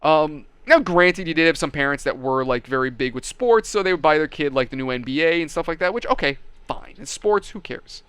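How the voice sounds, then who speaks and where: A man's voice: a little high, animated, a little fast, hardly any pauses, a bit bright, clear, resonant tone, dry recording. A man hosting a casual gaming and hobby channel, telling stories and giving opinions in a blunt, profane, mocking way. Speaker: channel host.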